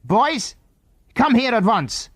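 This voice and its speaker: A man voicing a suspicious, menacing foreign enemy man who interrogates children in a storybook reading, slow and commanding. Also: a little high, very animated, dry recording, voice pushed up. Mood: stern. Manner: stern, commanding, slow and deliberate.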